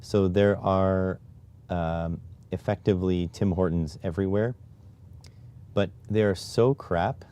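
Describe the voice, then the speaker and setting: A man's voice: deep voice, fairly even intonation, takes it slowly, dark tone, clear, resonant tone. A man from Canada chatting casually on a live stream, muttering to himself while typing and reading chat. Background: keyboard typing.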